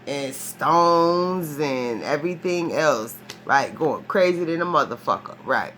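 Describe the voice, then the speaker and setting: Speaking slowly in a low voice with hardly any pauses, a woman gives a casual, rambling tarot reading. She's animated and emphatic, swears freely, restarts often, and keeps checking in with a questioning "right?"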